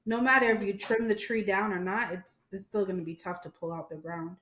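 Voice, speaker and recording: A woman's voice: mid-range voice, fairly quick. A woman who works as a waxer, chatting casually on a podcast and acting out quotes as she tells stories. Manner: animated storyteller, acts out quotes. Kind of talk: casual chat.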